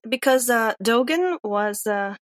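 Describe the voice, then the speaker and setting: A woman's voice: a little high, animated, a little slow, no room sound, studio quality. Woman chiming in with short agreements. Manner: supportive listener with short agreements and questions. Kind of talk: casual lore discussion.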